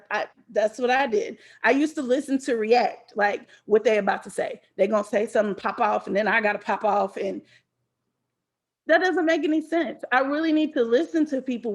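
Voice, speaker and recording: A woman giving a casual motivational talk at a wellness conference, chatty and down to earth, sometimes acting out anxious voices. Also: fairly high pitch. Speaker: conference speaker.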